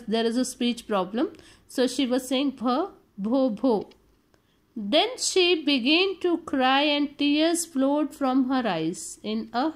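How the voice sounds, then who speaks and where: A woman teacher reads a story passage aloud and then explains it in plain words. Her pace is unhurried and deliberate, with small hesitations as she looks for the right word. Her voice sits a little high. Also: low-quality recording.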